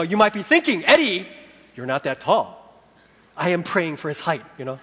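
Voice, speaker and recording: A man preaching a sermon as a pastor, telling stories with animation and moving between loud and hushed delivery. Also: high-pitched, breathy edge, big-room sound.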